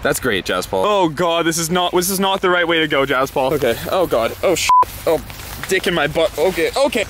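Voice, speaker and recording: A young man hosting a comedic skit vlog outdoors in a rainy corn maze, often shouting in mock panic. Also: on the high side, brisk, slight background noise. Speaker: vlog host.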